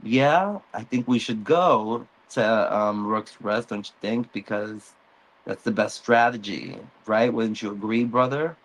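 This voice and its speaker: A man's voice: lowish voice, unhurried, poor audio. A smug, needling younger prince, sly and self-satisfied, as a man puts him on in a near-everyday voice. He asks leading questions to corner his brother.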